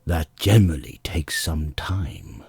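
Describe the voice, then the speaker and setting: A bossy winged beast from a storybook, put on by a man, speaking low in a husky half-whisper. It cuts in with short, clipped remarks, and its dark tone sounds close to the mic. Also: lively intonation, slow, no echo, full character voice. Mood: gruff.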